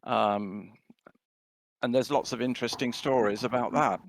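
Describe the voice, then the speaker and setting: A man's voice: medium pitch, steady tone, unhurried, vocal fry, slight background noise. An older man with a Southern English accent, chatting on a video call and stopping and restarting his sentences often. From south of England. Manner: hesitant, many restarts and fillers. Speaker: presenter. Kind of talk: casual chat.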